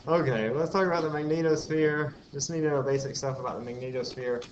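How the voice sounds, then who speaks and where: A man's voice: on the high side, fairly even intonation, fairly quick. Man lecturing a physics class. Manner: explains step by step, asks the class questions and tells asides. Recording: dull lo-fi classroom recording with faint hiss.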